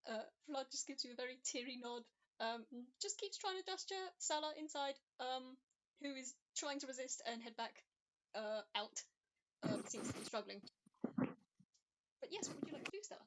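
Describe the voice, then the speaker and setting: A woman running a tabletop game as game master, narrating in an animated, chatty way with plenty of ums. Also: sits high, moderate pace.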